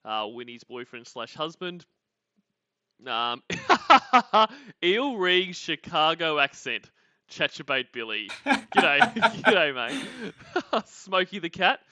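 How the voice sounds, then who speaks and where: Bright, crisp Australian man rambling. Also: a little high, dry recording, lo-fi sound. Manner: rambling, laughs often, greets viewers. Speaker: podcast host. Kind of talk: casual livestream chat.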